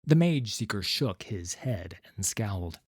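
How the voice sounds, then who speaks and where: A man narrating a fantasy story in a slow, measured storytelling manner. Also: fairly low pitch, very animated, slightly rough, no room sound, studio quality. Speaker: audiobook narrator. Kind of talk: scripted narration.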